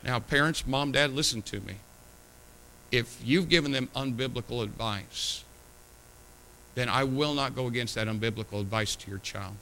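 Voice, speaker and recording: Forceful, emotional middle-aged male preacher. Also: mid-range voice, moderate pace, a little hiss or hum, rough recording. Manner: emotional, emphatic, conversational preaching. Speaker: pastor. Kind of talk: sermon.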